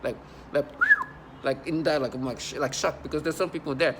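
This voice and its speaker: An agitated man rambles straight to camera, circling back and repeating himself. His voice sits a little on the high side. A faint hum of ambience and passing traffic sits underneath. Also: fast. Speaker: channel host. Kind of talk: unscripted monologue to camera.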